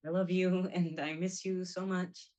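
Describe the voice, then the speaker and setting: A woman's voice: on the low side, flat delivery, a little slow, a little mellow, natural voice. A young woman playing a lonely woman leaving a pleading, emotional voicemail in a stage monologue.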